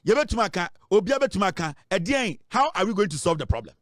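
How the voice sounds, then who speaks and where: A man with a Ghanaian accent delivers heated political commentary in a high, strained voice. He scolds and insists, hammering his points. The sound is dry and close, with no room echo. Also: big pitch swings, fast. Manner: forceful and scolding, switching between English and Twi.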